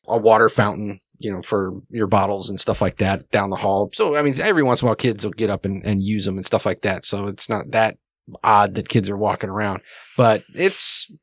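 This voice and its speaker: A man's voice: fairly low pitch, brisk, dry recording, studio quality. A man narrating a tabletop game as game master, rambling with many fillers.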